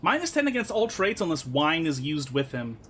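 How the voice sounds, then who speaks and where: A young male streamer swearing his way through a strategy game. His voice is high and bright, with a lively, bouncing pitch. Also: moderate pace, slight background noise. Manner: swearing, exasperated. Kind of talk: let's-play commentary.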